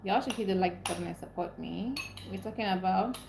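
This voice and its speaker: A woman's voice: mid-range voice, a little fast, creaky, background noise. Young woman livestream host from Nigeria, upset and ranting, greets chat by name. Echoey room. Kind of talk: casual live-stream chat, reading comments.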